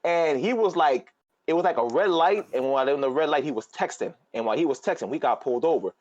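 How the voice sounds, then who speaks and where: A man's voice: a little high, expressive, dry recording. A man on a podcast talking about his cop friends and telling a story. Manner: rapid, storytelling. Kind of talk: casual chat. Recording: dull dry sound.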